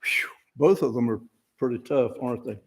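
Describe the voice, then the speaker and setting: Gravelly and husky, this older man's medium-pitched voice moves at a moderate pace as he preaches informally at a fellowship service. A lay speaker, he is folksy, plain-spoken, self-deprecating, and prone to restarting what he says.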